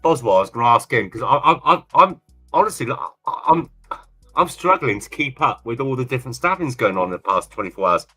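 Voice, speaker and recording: Chatty man with a bright voice. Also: mid-range voice, expressive, a little fast, husky, faint music behind. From England. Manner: rambling, repeats himself, chatty. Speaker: livestream co-host. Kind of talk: casual livestream chat.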